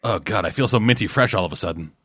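A man's voice: fairly low pitch, fast talker, fairly bright tone, breathy edge, dry recording, studio quality. A man casually riffing along to a film with friends, sarcastic and profane.

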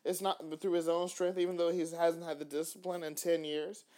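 Animated man giving a faith talk. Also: on the high side, fairly quick. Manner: animated, acts out little dialogues, frequent restarts. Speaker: podcast host. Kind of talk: faith-based podcast talk.

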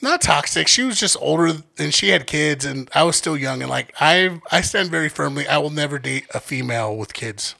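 A young man in his twenties casually telling a story, animated, acting out quoted lines and swearing a lot. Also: a little high, brisk, vocal fry, hardly any pauses.

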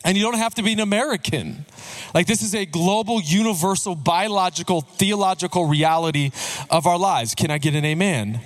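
A man in his thirties, a pastor delivering a sermon in a conversational, joking way with lively swings in pitch. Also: a little fast.

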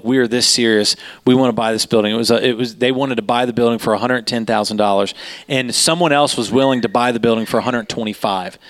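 A man, a pastor, telling a story in a sermon, animated and rising in pitch as he gets excited.

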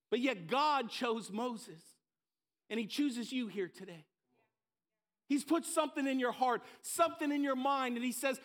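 A man's voice: extremely high pitch, lively intonation, normal speed, a bit bright. A pastor giving a conversational, earnest sermon, often repeating words as he restarts a thought.

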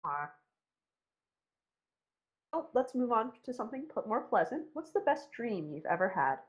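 A woman's voice: on the high side, big pitch swings, normal speed. A woman hosting a podcast, chatting casually in a playful, teasing way and swearing freely. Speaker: podcast host.

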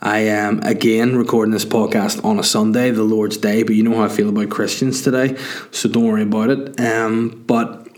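A man's voice: fairly low pitch, level tone, normal speed. A young man, a comedian hosting his own podcast, chatting casually in a rambling, self-mocking, sweary way and sounding tired. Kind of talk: casual solo podcast chat.

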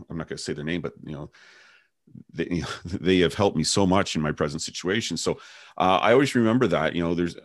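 A man's voice: deep voice, no echo, clean studio sound. A man co-hosting a podcast, reflective and telling personal anecdotes in casual conversation. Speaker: podcast co-host.

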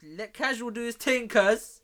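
A man's voice: very high voice, a little slow, a crowd in the background. A man telling stories in casual chat, full of slang and swearing. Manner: animated storyteller, heavy street slang and swearing.

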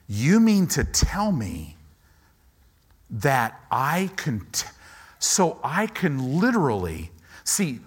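Animated preaching man with lively pitch. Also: slightly rough. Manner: animated preaching, acts out doubting voices, rising to loud commands. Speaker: pastor. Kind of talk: sermon. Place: church before a congregation.

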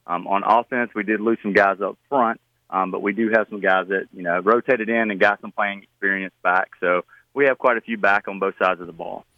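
A middle-aged man, a high school football coach, answering radio interview questions in a relaxed, plain-spoken way with many fillers and restarts. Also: fairly quick, no echo, phone-quality sound.

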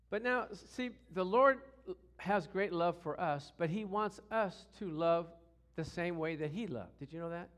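A middle-aged man preaching a sermon through personal stories, acting out voices with shouts and growls. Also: on the high side. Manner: animated, acts out quotes with shouts and growls. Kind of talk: storytelling sermon.

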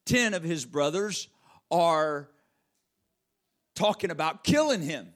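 Male pastor, mid-high voice, dramatic sermon delivery with loud and hushed swings. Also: animated, takes it slowly, pauses often.

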